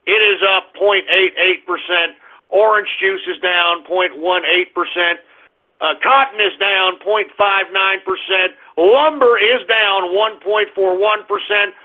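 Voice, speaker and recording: A man's voice: high-pitched, fairly even intonation, unhurried. A man hosting an internet radio show, giving a market rundown in a brash, crude, mocking ranting style. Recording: phone-like lo-fi audio.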